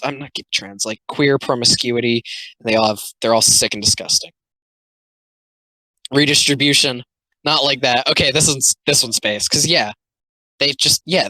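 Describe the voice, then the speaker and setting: A man giving sarcastic, swearing comedic commentary, jumping between deadpan muttering and loud outbursts. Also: mid-range voice, no echo, rough recording.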